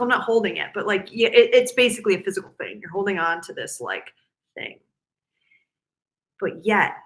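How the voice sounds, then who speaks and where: A woman's voice: fairly low pitch, a bit bright. A woman guest on a podcast, talking animatedly and slipping into silly complaining voices to act out other people. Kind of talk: casual podcast conversation.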